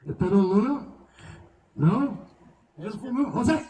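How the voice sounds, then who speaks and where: A man's voice: high voice, normal speed, echoey room, distant mic, a crowd in the background, poor audio. A man performing a live stand-up set outdoors, crude and profane, telling stories with lots of swearing. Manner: crude, profane, animated storytelling. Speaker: stand-up comedian. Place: outdoor show venue.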